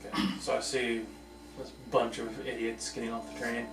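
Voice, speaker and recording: A man's voice: mid-range voice, monotone, normal speed, gravelly. A man speaking in character in a tabletop game, blunt and sardonic. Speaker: player. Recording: roomy, far-off mic with music behind.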